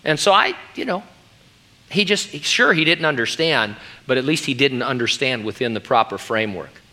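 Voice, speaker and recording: A man's voice: medium pitch, animated, normal speed, sharp tone. A middle-aged man who is a pastor, preaching an earnest, emphatic sermon.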